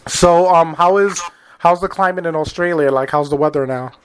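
A man's voice: on the high side, moderate pace, slight background noise. An American man hosting a podcast interview, friendly and casual, often laughing and using filler words. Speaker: podcast host.

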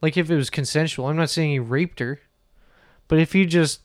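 A man's voice: fairly high pitch, fairly quick, dry recording, clean studio sound. A man co-hosting a podcast in loose, crude, laughing casual banter. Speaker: podcast co-host. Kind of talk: casual chat.

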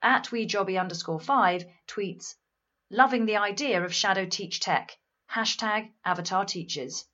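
An actress playing a brisk co-host reading out listener messages. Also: female voice, mid-range voice, sharp tone, dull audio.

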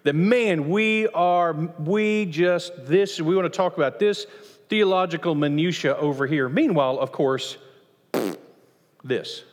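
A man preaching a sermon as pastor of a church, lively, acting out voices from the passage as he teaches. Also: measured pace. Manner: animated, acts out quoted voices with rising pitch. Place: church sanctuary. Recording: long church reverb.

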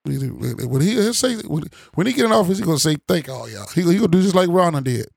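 Gravelly, blunt-talking man. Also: high-pitched, fast talker, dry recording, studio quality. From Chicago area. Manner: blunt, profane, gets loud and animated. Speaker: panel commentator. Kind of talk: casual political chat, heated.

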